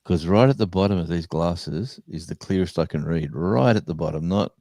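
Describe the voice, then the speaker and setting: An older Australian man with a low, dark, gravelly voice co-hosts a casual live stream. He rambles, restarts his sentences and corrects himself. The sound is dry and close. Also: moderate pace, dry recording. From New South Wales, Australia. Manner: rambling, self-correcting, chatty storytelling. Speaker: livestream co-host.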